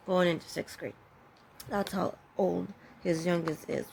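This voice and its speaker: Woman with a deeply gravelly voice. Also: fairly even intonation, darkish tone, a little hiss or hum, rough recording. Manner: halting and candid, with pauses and self-corrections. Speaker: vlogger sharing her own story. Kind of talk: personal storytelling.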